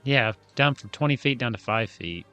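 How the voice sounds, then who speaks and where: A man's voice: mid-range voice, lively intonation, moderate pace, sharp tone, smooth, highs cut off, soft background music. A man playing a tabletop game, joking around and muttering to himself while he rolls dice. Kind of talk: casual game chat.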